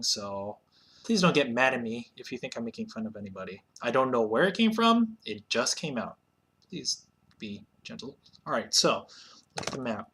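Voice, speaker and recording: A man hosts a casual let's play of an old computer game. He chats easily, breaks into sudden excited shouts, and has a bright, tense voice at a middle pitch. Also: slight background noise.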